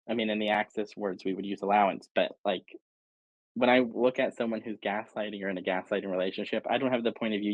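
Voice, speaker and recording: A man's voice: fairly low pitch, fairly even intonation, fast talker, dry recording. A man as an interview guest, reflectively explaining his perspective in a casual conversation. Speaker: guest facilitator. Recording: dry, dull lo-fi sound.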